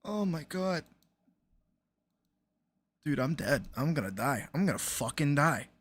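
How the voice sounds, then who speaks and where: A woman streamer chatting casually on a live stream, reacting loudly with exclamations, swearing and laughter. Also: deep voice, very animated, measured pace, slightly rough. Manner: loud, exclamatory, swears freely, laughs often.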